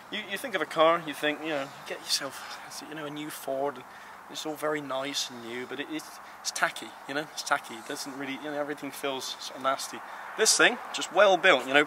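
A man presenting cars in a casual, enthusiastic vlog walkaround, talking emphatically and playfully. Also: a little high. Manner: playful, emphatic, lively rises on praise. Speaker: car vlogger presenting cars. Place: outdoors beside parked cars. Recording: outdoor street noise behind.

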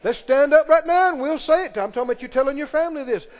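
A pastor preaching a sermon in a church, emphatic and pressing the congregation with questions and call-and-response. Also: male voice, extremely high pitch, quick pace. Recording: long reverb of a large hall.

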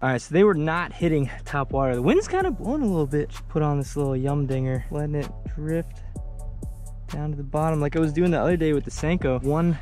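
A man's voice: a little high, brisk, soft background music. A young man casually vlogging a fishing trip outdoors on a lake, talking to the camera and exclaiming whenever a fish bites. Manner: excitable, exclaims often.

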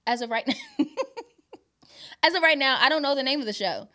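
A woman's voice: sits high, expressive, brisk, bright, forceful tone. A woman guest, a musician and actress, joking and laughing in casual slangy talk. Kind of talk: casual chat.

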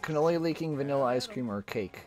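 A man streaming a party game, talking in animated, crude joking banter with friends. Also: medium pitch, fast, faint music behind. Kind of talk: casual gaming stream chat.

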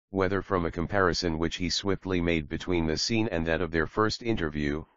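Deep-voiced male audiobook narrator. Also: no room sound, muffled recording. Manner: measured, even reading of classic prose. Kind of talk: scripted narration.

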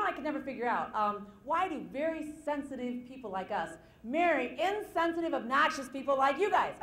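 A woman with a slightly high voice speaks from a stage to a live audience. She tells personal stories with animated energy and self-deprecating humor, and she acts out the voices of the people in them. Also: echoey room, slight background noise. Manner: animated storytelling, acting out quoted voices. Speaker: motivational seminar speaker. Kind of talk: live seminar talk to an audience.

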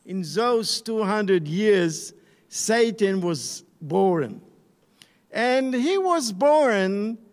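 A man lecturing on the Bible, slow and searching, pausing and restarting as he thinks. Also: high voice, big-room sound. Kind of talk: online lecture.

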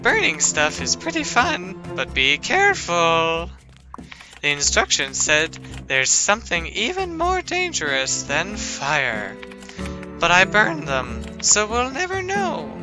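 A man's voice: sits high, huge pitch swings, slow pace, music in the background, full character voice. A man reading aloud in-game letters from a sweet, friendly girl pen pal, in a sing-song way. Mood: cozy.

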